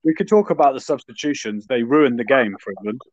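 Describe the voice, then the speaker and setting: A man's voice: medium pitch, lively intonation, a little fast, no echo. A man co-hosting a casual sports chat, blunt and bantering, swearing casually. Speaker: podcast co-host. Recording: dull lo-fi dry recording.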